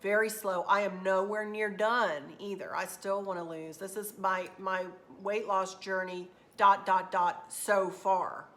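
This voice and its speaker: A woman's voice: mid-range voice, little pitch movement, measured pace, hardly any pauses, fairly bright tone. A middle-aged woman, talking unscripted and casually to her viewers, rambling and repeating herself. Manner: rambling, repeats herself, southern turns of phrase. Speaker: craft channel host. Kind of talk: unscripted casual vlog talk.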